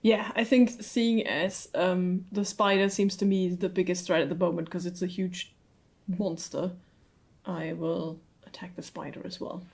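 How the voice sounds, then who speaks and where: A woman's voice: fairly low pitch, level tone, unhurried, vocal fry, darkish tone. Thoughtful woman player at a game table. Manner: thoughtful, hesitant. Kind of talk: casual tabletop game play.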